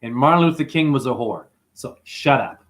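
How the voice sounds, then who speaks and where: This livestream host speaks at a medium pitch and a moderate pace. He chats in a rambling, excitable way, responding to comments and cursing liberally while telling his stories.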